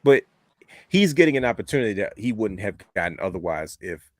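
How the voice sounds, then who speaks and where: A man's voice: lowish voice, very animated, a little fast, dry recording, clean studio sound. A man co-hosting a podcast in casual wrestling chat, rambling and repeating words as he talks. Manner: rambling, repeats words, says "you know what I mean". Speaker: podcast co-host.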